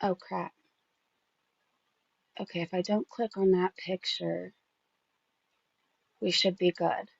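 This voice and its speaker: A woman's voice: on the low side, steady tone, slow pace, creaky, long pauses, husky, no echo, lo-fi sound. A woman hosting a gossip channel, reading out screenshots in casual, sarcastic commentary that swears freely and keeps getting distracted.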